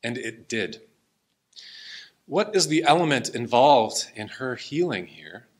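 A man's voice: medium pitch, big pitch swings, slow pace. A man preaching a sermon and reading scripture aloud, in an earnest and emotional way. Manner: earnest, emotional, tearing up at times.

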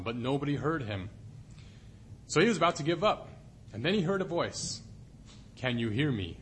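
A man's voice: medium pitch, a little hiss or hum. A man preaching a sermon in a conversational way, asking the listeners questions and reading scripture. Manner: conversational, asks the audience questions.

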